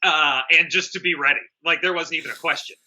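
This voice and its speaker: A man co-hosting a casual comedic movie review, animated and jokey, swearing freely and acting out the characters. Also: on the high side, fast talker. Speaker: film review podcast co-host.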